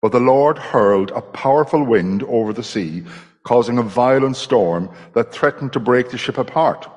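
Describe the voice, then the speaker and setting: A man reading a scripture passage aloud in church, measured and dramatic. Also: medium pitch, a little mellow. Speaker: scripture reader. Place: church hall. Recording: long hall reverb.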